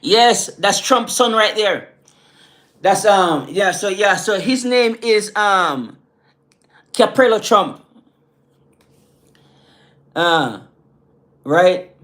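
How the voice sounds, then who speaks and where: High-pitched caribbean guy chatting on his livestream, island accent, chill, says man a lot. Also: animated, drawn-out words, long pauses, a bit bright. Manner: laid-back, repeats "man" and "you know", island patois phrases. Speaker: livestream host. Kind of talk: casual livestream chat with viewers.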